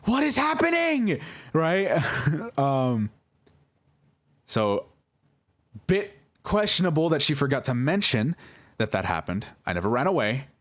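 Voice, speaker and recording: A young man telling his side of a story in a halting, emotional monologue, swearing and correcting himself as he goes. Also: medium pitch, very animated. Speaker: vlogger responding to accusations.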